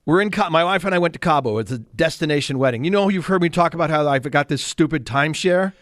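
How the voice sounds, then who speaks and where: A man in his sixties, a radio co-host, telling a self-mocking story in casual, animated chat. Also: on the high side, fast talker, no room sound, studio quality.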